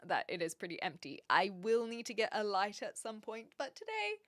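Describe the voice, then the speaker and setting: A woman's voice: medium pitch, huge pitch swings, normal speed, a bit bright, no room sound, clean studio sound. A woman with a light New Zealand accent, chatting casually with her live chat from her home streaming room into a stand mic, giggly and self-mocking. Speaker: Twitch streamer.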